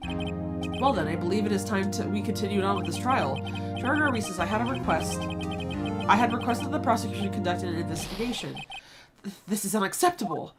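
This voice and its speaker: A woman's voice: mid-range voice, lively intonation, a little fast. A woman playing a video game, reading its dialogue aloud in a playful way and adding goofy asides. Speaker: gaming streamer. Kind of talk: let's play with dialogue read aloud. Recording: music playing behind the voice.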